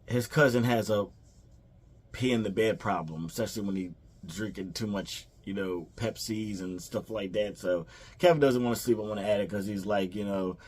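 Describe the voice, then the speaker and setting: A man's voice: on the low side, moderate pace, darkish tone. A man casually retelling a film's plot for a review, rambling with fillers and restarts and quoting the characters. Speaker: movie reviewer. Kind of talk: casual movie recap.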